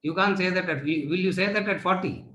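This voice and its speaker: A man gives a lecture to students, asking rhetorical questions and answering them. His voice sits a little high for a man. The recording carries a noticeable room echo. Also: fairly quick, sharp tone. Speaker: spiritual teacher. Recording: echoey room.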